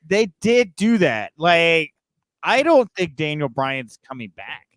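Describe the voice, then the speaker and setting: A man's voice: on the high side, sing-song, takes it slowly, a bit bright, no room sound. A man hosting a live podcast, chatting casually and joking as he reads viewer comments. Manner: loose and joking, with frequent fillers. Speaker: podcast host.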